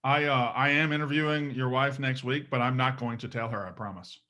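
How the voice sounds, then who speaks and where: A man's voice: medium pitch, fairly even intonation, a little fast, sharp tone. A man hosting a casual interview in a joking, self-deprecating way. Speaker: podcast host.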